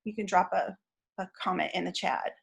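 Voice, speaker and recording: A woman teaching an online training session, explaining in a measured way with frequent fillers and restarts. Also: fairly low pitch, vocal fry.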